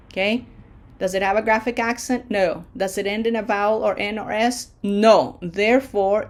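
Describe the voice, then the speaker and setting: Lady teacher going real slow, stretches out every syllable, keeps asking okay?. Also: mid-range voice. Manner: drawn-out syllable-by-syllable modeling of words; patient, checks in often with "okay?" and "right?". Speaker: Spanish pronunciation teacher. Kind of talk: slow pronunciation lesson.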